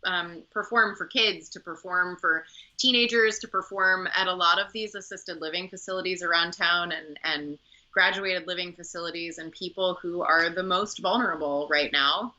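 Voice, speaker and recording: A woman's voice: on the low side, normal speed, bright, forceful tone. A woman opera singer and company director telling stories in a conversational interview, chatty, with many fillers and restarts. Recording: muffled lo-fi audio.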